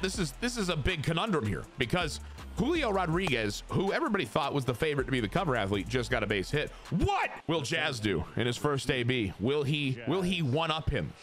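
Young guy gaming streamer, hyped and goofy, lively up-and-down voice, music playing behind. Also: high-pitched. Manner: excitable, joking, talks to chat, bursts into shouts. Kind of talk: casual gameplay commentary.

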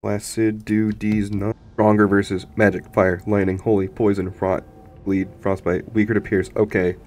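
A man streaming a video game, commenting in an excitable, profane way to himself and his chat. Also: lowish voice, normal speed, slight background noise.

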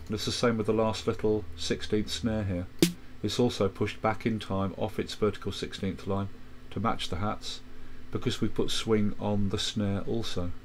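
A man calmly walking through a music software tutorial, explaining step by step with quick asides. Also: lowish voice. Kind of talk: screen-recorded software tutorial.

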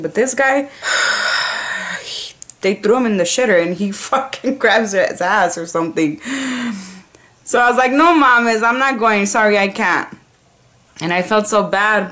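A woman's voice: fairly high pitch, fairly bright tone. A woman telling a story straight to the camera in a loose, chatty vlog. She cusses freely, leans on "like" at every turn and tosses in the odd Spanish slang phrase. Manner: chatty, profane, heavy use of "like". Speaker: 911 dispatcher.

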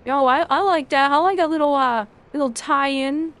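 A woman's voice: high-pitched, normal speed, a bit bright. A woman streaming a video game, chatting casually with her chat, rambling and swearing freely.

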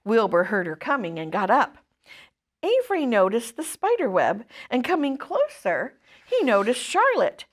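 Lively woman reading a kids' story. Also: fairly high pitch, normal speed. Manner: expressive, lively read-aloud. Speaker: children's ministry storyteller. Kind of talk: reading a storybook aloud to children.

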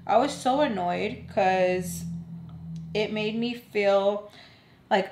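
A woman at a middling pitch tells a storytime to her viewers, casual and animated, trading quoted lines back and forth. Her voice carries a noticeable room echo, as if she is talking in a bare space. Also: slow, slight background noise. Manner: animated retelling, trades quoted lines, says "y'all". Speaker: vlogger. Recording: roomy echo.

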